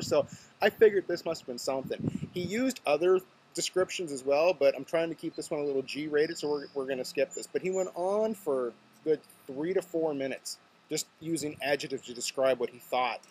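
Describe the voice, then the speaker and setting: A man's voice: a little high, a little fast, darkish tone, slight background noise. A man from Nova Scotia, hosting his vlog in a chatty, joking storytelling way. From Nova Scotia, Canada. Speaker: vlog host. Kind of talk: casual talk to camera.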